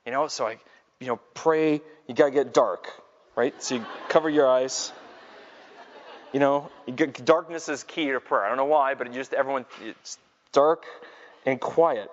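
A middle-aged man giving a live faith talk as a Catholic speaker, telling self-mocking stories to an audience in a large hall and building to loud exclamations. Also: medium pitch, normal speed, a little hiss or hum. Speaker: Catholic speaker and Scripture teacher. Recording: dull lo-fi sound with long hall reverb.

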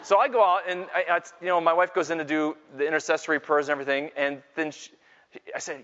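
A middle-aged man giving a live faith talk as a Catholic speaker, telling self-mocking stories to an audience in a large hall and building to loud exclamations. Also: a little high, steady tone, fast talker. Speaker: Catholic speaker and Scripture teacher. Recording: dull lo-fi sound with long hall reverb.

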